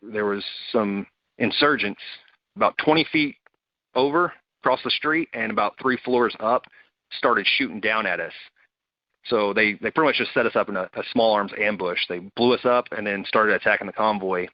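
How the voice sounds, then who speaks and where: A Marine veteran casually tells a story in a lowish voice at normal speed, animatedly acting out the quoted voices of his buddies. The recording is close, dull and dry, with no echo.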